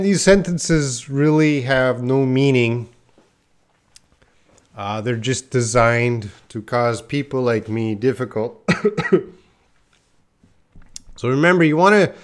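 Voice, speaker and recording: A man speaks to viewers of his live online English class, talking slowly and at an ordinary mid pitch. He stays casual and jokes at his own expense, answering people in the chat by name. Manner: casual, self-deprecating, addresses viewers by chat names. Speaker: English teacher.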